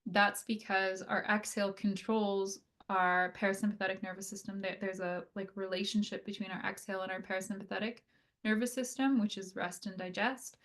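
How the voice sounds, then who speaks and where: A woman occupational therapist talks through a health lecture in an easygoing, conversational way, often checking in with "right?" and "like". Her pitch sits in the middle of the usual range for a woman. She slows her pace when she walks listeners through slow breathing. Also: little pitch movement, a bit bright. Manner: conversational, frequent "right?" and "like" fillers. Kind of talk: casual educational lecture.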